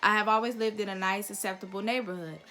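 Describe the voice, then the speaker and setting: A woman's voice: mid-range voice, steady tone, fast talker, sharp tone. A young woman vlogger giving a heated, profane opinion rant straight to camera, blunt and emphatic.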